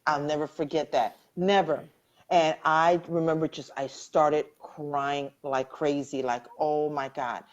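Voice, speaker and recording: Woman, middle-aged, deep voice, heartfelt testimony, dull lo-fi stream audio. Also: fairly even intonation, a little slow. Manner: earnest, heartfelt, repeats phrases for emphasis. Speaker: cancer survivor sharing her story. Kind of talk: personal testimony in a live online interview.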